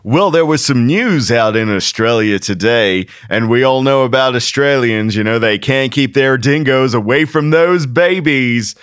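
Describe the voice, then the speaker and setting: A man's voice: mid-range voice, a little slow, hardly any pauses, a bit bright, clear, resonant tone, dry recording, clean studio sound, voice pushed up, close to an everyday voice. An Australian man voicing a brash male American talk show host in a mocking, showy delivery. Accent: attempted American.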